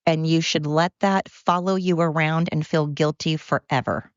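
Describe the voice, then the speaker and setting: A woman's voice: deep voice, fairly even intonation, normal speed, dry recording, lo-fi sound. A woman hosting her own podcast, ranting in a heated, blunt way and swearing freely. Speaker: podcast host. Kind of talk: solo podcast rant.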